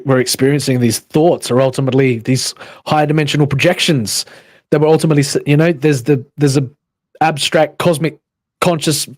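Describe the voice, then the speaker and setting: A man hosting a livestream, musing in a halting way and reading chat comments aloud. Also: a little high, darkish tone, no echo. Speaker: livestream host.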